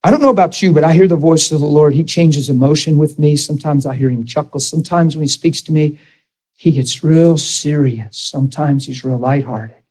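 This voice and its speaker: A husky-voiced man preaching in an earnest, emotional way, with a voice set a bit higher than most men's. His story rises into high, excited bursts. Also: a little fast. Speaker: pastor.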